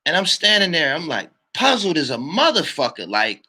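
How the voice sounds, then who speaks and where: A man telling a heated personal story to his channel, swearing often and shouting when worked up. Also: a little high, big pitch swings, normal speed. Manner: repeats "you dig what I'm saying". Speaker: channel host. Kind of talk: storytelling vlog monologue.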